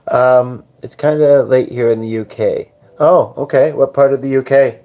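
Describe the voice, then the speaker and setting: Speaking at a moderate pace in a mid-range, dark-toned voice, this tired livestream host rambles along. He jokes loosely and chats with his audience as he responds to their comments.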